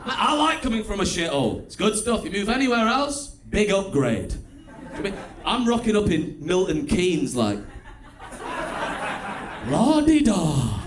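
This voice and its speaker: A man with a Stoke-on-Trent accent performing a stand-up comedy set on a club stage, chatty and wry, with bursts of loud mimicry. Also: high-pitched, sing-song, moderate pace, a crowd in the background. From England. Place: comedy club stage before a live audience.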